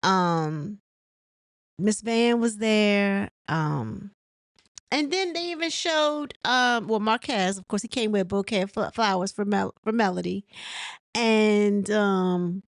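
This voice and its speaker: A woman's voice: medium pitch, slow pace, no room sound, clean studio sound. A woman chatting casually as she recaps a reality show episode, rambling with many ums and laughing as she mimics the cast. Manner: many fillers and restarts.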